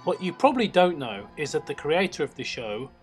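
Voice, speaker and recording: A man's voice: on the high side, very animated, fairly quick, soft background music. A man hosting a comedic show, reading a story aloud and stopping to mock its writing. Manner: reads aloud, breaks off to mock the text. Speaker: host reading stories aloud.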